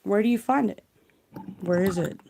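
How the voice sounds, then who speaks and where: A woman on a live stream speaking quietly and rambling through questions, trailing off as she reads and thinks aloud into a close mic. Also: medium pitch, moderate pace, vocal fry, slight background noise. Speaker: livestream tarot reader. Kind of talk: soft-spoken livestream musing. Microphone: close mic, kept quiet for live stream.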